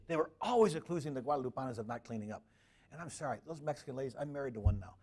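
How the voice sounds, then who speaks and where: A man's voice: mid-range voice, fast talker. A middle-aged man lecturing to an audience in a mid-range voice. He tells stories with energy and slips into the voices of the people in them. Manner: animated anecdotes, acting out quoted voices. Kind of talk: public lecture with storytelling.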